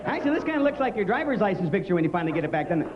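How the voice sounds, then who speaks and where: A man doing stand-up comedy, animated and acting out silly impressions. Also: high voice, rapid-fire, heavy background noise. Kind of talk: stand-up joke telling. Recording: dull 90s TV broadcast with loud crowd.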